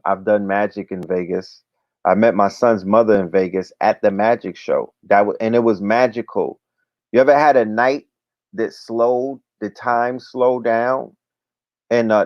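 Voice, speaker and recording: A man's voice: lowish voice, no echo. A man hosts a casual livestream, talking in a loose, slangy way. He keeps circling back to "you know what I'm talking about." The sound is dry and slightly muffled, with the dull edge of lo-fi stream audio. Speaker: livestream show host. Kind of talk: casual livestream chat with viewer shout-outs.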